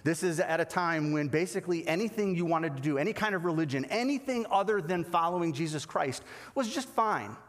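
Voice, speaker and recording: Pastor in a reverberant hall. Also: male voice, fairly high pitch, fairly quick. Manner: animated, acts out quoted dialogue. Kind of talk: sermon.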